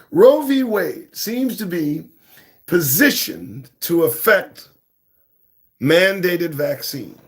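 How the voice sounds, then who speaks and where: Guy hosting his own show, kinda high voice, swearing a lot and going off at the listeners. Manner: blunt and profane, urging "folks" to listen. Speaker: host. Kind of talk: ranting commentary on a talk show.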